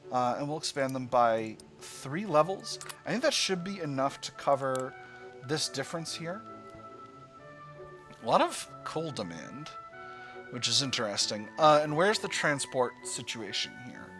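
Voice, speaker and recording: A man talks through his moves in a strategy game, thinking aloud in a relaxed, chatty way. His pitch swings widely, jumping into playful high squeals when something pleases him. Game music plays clearly behind him. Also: measured pace. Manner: musing, playful asides, sudden high squeals of delight. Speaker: strategy game let's-player. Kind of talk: casual gameplay commentary.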